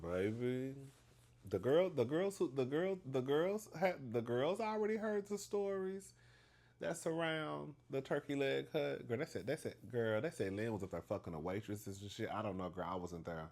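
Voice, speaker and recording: In a storytime vlog, a male host talks straight to his viewers, his pitch swinging high and low as he gossips. Expressive and moderately paced with a darkish tone, he keeps calling everyone "girl" and laughs between lines.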